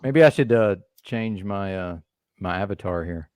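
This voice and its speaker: A man on a talk show, speaking hesitantly and measured. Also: low voice, a little mellow, clear, resonant tone, no room sound.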